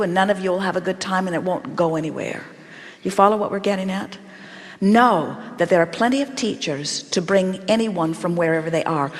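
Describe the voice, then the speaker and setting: A woman giving channeled spiritual teaching at a live workshop, speaking as "we" in a steady, emphatic way with repeated phrases. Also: medium pitch. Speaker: seminar speaker answering audience questions. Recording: long hall reverb.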